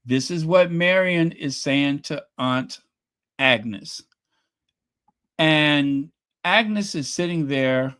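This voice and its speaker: Slow-talking man recapping a show. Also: clean tone. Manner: animated storytelling, acts out quotes with rising pitch. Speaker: show reviewer. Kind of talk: casual recap commentary.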